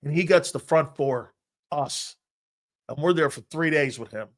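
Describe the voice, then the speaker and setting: A middle-aged man hosting a sports talk show, telling loud, brash stories and acting out what coaches said. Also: on the high side, a little slow. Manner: loud, brash storyteller who acts out quotes. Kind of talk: casual sports talk, storytelling.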